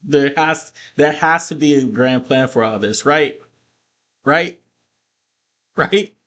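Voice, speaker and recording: A man talks through a wrestling episode in a loose, casual vlog. He swears often and slides from plain recap into animated, heated rants. His voice sits at an ordinary middle pitch. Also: unhurried. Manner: profane, ranting, animated asides. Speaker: wrestling show reviewer.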